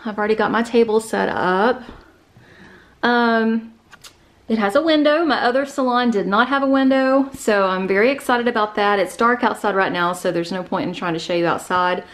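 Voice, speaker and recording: A woman shows off her new home in a relaxed vlog tour, speaking at a moderate pace in a mid-range voice, sprinkling in fillers and sounding slightly winded as she moves through the house.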